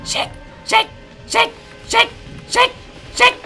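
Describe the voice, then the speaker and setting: A man's voice: very high voice, monotone, takes it slowly, creaky, pushed and bright. A man commentating a horror game, muttering and swearing nervously to himself. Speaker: let's play gamer. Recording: game music behind voice.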